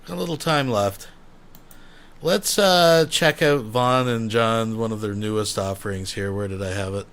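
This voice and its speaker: A man's voice: lowish voice, normal speed, fairly bright tone. A man hosting a commentary show, talking offhand to his viewers while he pulls up clips. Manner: offhand, mutters while browsing. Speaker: commentary channel host. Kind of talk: casual reaction commentary.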